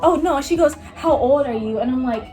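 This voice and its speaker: A high-voiced young woman from Miami, in her late teens, tells a casual storytime full of "like" and little impressions of what others said. Music plays clearly underneath her voice. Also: a little fast. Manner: rambling, lots of "like", acts out others' lines. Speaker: vlogger. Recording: music playing behind her.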